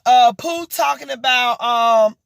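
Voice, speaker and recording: A woman vlogger recapping a reality show in blunt, profane, animated gossip commentary. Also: fairly high pitch, takes it slowly, creaky, smooth, no echo, clean studio sound. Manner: animated, mocking and exasperated.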